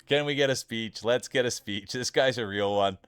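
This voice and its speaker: A man from Canada hosting a live stream, chatty and excitable, laughing often and calling people "dude". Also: mid-range voice, normal speed, clean tone, no echo, clean studio sound. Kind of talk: casual live-stream commentary.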